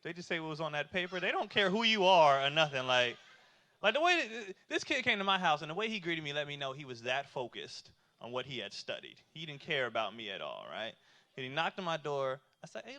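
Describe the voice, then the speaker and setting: Male stand-up comic in his thirties: loose, chatty delivery with lots of fillers and rhetorical questions, high, very bright voice. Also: very animated, a little fast. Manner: loose and conversational with many fillers; asks the audience rhetorical questions. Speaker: stand-up comedian. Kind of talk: stand-up comedy.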